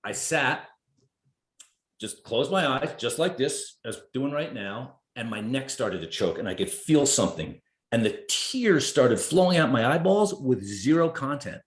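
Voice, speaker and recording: A man in his fifties from New Jersey talks as a podcast guest, middle-pitched and animated, swearing freely and acting out his own inner voice. The room sounds roomy and echoey. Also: measured pace. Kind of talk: conversational storytelling. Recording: roomy echo.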